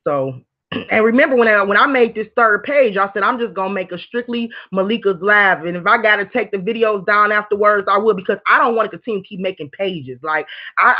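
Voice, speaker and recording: A woman hosting a casual livestream, talking candidly to viewers and reading their comments, rambling and animated. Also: medium pitch, brisk. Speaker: livestream host. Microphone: streaming mic. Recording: dull lo-fi stream audio.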